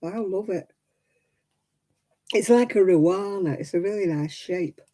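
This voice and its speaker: A middle-aged woman hosts a homely livestream, chatting with viewers and answering them as she crochets, laughing often and counting stitches aloud. Her medium-pitched voice is warm and unhurried, though the recording is rough.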